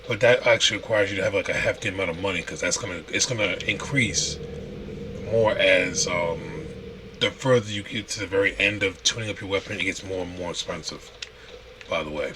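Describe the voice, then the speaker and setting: A low-voiced man talks through a game as he plays, relaxed and explaining each step. Steady background noise hangs under his voice on the stream recording. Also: fairly quick. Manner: relaxed, explains while playing, with restarts. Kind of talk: casual gameplay walkthrough. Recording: noisy stream audio.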